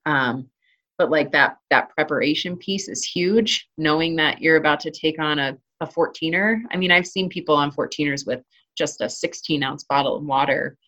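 A woman's voice: sits low, moderate pace, a bit bright. A woman talking casually in an interview about hiking and trail running, chatty, with many fillers and restarts. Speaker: interview guest, hiker and trail runner.

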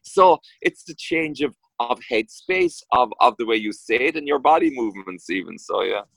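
A man's voice: medium pitch, animated, creaky, a bit bright, dry recording, poor audio. A middle-aged man with an Irish accent from County Kerry, an actor chatting in an interview, rambling and restarting his sentences often. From Ireland. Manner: rambling, halting with many restarts and fillers. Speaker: actor guest. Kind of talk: casual interview chat.

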